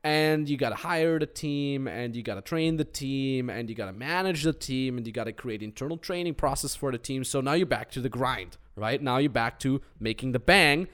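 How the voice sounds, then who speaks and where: Animated storytelling podcast host man. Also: medium pitch, moderate pace, hardly any pauses, clear, resonant tone. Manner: animated storytelling with acted quotes. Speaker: podcast host and business coach. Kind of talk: casual podcast chat.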